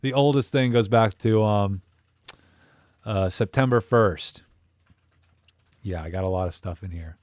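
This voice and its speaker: Jokey guy rambling on a live stream, lowish voice, dead dry mic. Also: measured pace, long pauses, a little mellow, no echo. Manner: rambling, jokey, reads chat comments aloud. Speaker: host of a live camera stream. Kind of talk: casual live-stream chat.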